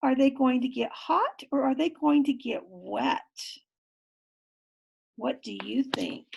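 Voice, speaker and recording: A woman reading a picture book aloud to young children, expressive, exclaiming and pausing to ask them questions. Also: sits high, gravelly, dull audio, a little hiss or hum. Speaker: children's storytime reader.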